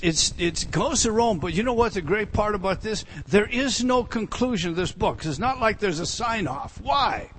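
A male pastor preaching a sermon, animated and emphatic, with frequent asides to the congregation. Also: sits high.

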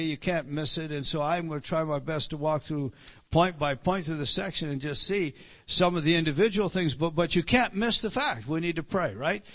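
A man's voice: a little high, a bit bright. Man preaching with emphatic rising stresses. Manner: halting restarts, repeated words, emphatic rises. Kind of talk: expository Bible teaching sermon.

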